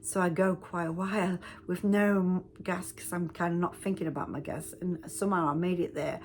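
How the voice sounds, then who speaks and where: A woman's voice: lowish voice, steady tone, normal speed, slight background noise. A woman, a self-help speaker, telling a personal story in a casual, rambling way with frequent restarts.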